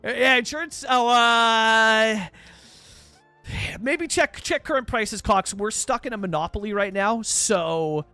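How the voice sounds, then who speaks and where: A man's voice: high voice, slow, bright, forceful tone, dry recording, soft background music. A young Canadian man from British Columbia, chatting casually and rambling on a live game stream, full of fillers as he answers viewers. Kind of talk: casual live-stream chat while playing a city-building game.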